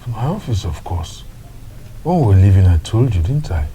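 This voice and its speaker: Domineering Nigerian father, lively swinging pitch, a faint hiss behind him. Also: normal speed. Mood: defensive. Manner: domineering, shouts when crossed. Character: controlling, secretive middle-aged father.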